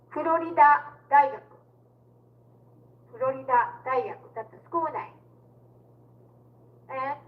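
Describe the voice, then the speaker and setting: A woman's voice: high-pitched, lo-fi sound. A woman working as an independent tutor in a one-on-one lesson, explaining step by step and modeling words for her student.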